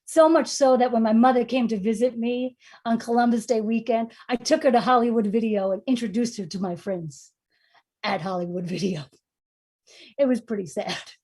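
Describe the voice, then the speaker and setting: A woman from New York telling a funny personal story on stage, lively and self-mocking, swinging from hushed to loud. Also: a little high, moderate pace. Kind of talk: humorous personal storytelling performance.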